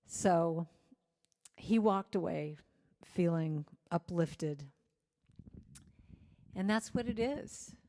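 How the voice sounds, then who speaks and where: A woman with a lowish voice preaches through personal stories. She acts out the people in her anecdotes, shifting her voice for each one. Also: very slow, long pauses. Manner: animated storyteller acting out quoted voices. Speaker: guest speaker at a church service. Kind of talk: storytelling sermon.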